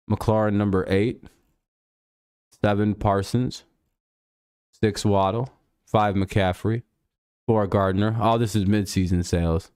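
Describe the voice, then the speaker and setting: A man's voice: fairly low pitch, darkish tone, clean tone, no room sound, studio quality. A man hosting a casual live stream, riffing sarcastically and swearing freely. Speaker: podcast host.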